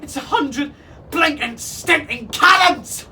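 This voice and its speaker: A man's voice: very high voice, lively intonation, takes it slowly, pushed and bright, slight background noise, pitched above the performer's own voice, full character voice. A man voicing a panicky male pirate parrot that screeches its warnings in frantic cries. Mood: squawking alarm. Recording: voice from some distance off.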